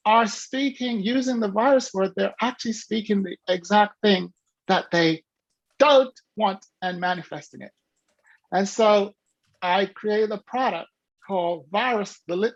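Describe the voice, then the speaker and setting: Gravelly man telling stories on a call. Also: no room sound. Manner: animated storyteller, acts out quoted dialogue with big pitch jumps. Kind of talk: storytelling talk on a video call. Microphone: video call. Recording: dull lo-fi video call audio.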